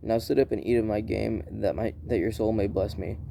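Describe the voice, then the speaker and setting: A man reading scripture aloud in a plain, unhurried way, often restarting and correcting himself. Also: lowish voice, steady tone, vocal fry, mellow, slight background noise. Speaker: Bible reader.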